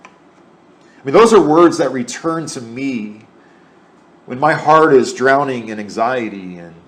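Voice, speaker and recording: A man preaching a sermon in an earnest way, repeating phrases for emphasis. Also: medium pitch.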